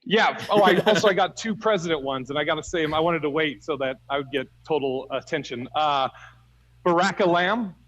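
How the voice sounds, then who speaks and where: Male stand-up comic, higher voice, storytelling set on a video call, swears and laughs through his punchlines. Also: a little fast, fairly bright tone, a little hiss or hum, low-quality recording. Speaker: stand-up comedian.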